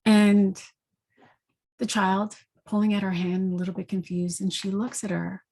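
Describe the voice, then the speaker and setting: A woman giving an intuitive energy reading, calmly telling a vision in a gentle, reflective way. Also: mid-range voice, measured pace. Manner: gentle, reflective storytelling with fillers. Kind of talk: spoken guided vision.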